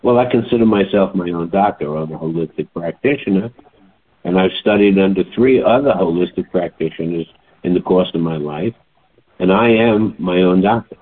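A man in his late seventies telling a story in a chatty, animated way, as a holistic health practitioner. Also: low-pitched, normal speed, slightly rough. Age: older. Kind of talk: casual monologue. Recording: tinny phone-like sound.

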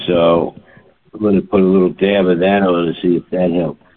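A man in his late seventies telling a story in a chatty, animated way, as a holistic health practitioner. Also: low voice, moderate pace. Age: older. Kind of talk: casual monologue. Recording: tinny phone-like sound.

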